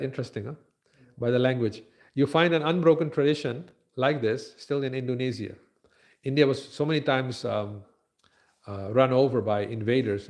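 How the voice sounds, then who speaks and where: Man, temple lecture, easygoing, lots of ums and pauses, mid-pitched. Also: a little mellow. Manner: conversational, many fillers and pauses. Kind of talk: scripture class lecture.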